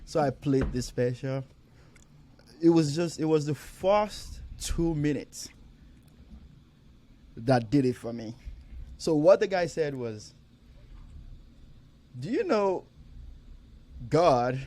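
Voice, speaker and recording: A young man chats on a podcast in a fairly high register. He tells stories with animated, stumbling energy, swearing freely and breaking into laughter. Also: slow, pauses often. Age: young adult. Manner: animated storyteller, swears freely, laughs often, repeats himself. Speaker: podcast co-host. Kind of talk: casual podcast chat.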